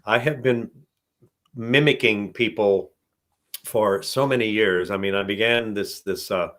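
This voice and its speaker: Older guy voice actor rambling about his craft on a stream, pitched a bit low, laughs a lot. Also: measured pace, fairly bright tone. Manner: chatty, rambling, laughs often. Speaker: voice actor guest. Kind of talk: casual live-stream Q&A.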